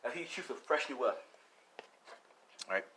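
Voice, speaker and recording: Bright-voiced young man rambling through a story. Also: medium pitch, lively intonation, normal speed, slight background noise. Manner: rambling, full of "like" and "you know". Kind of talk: casual improvised storytelling.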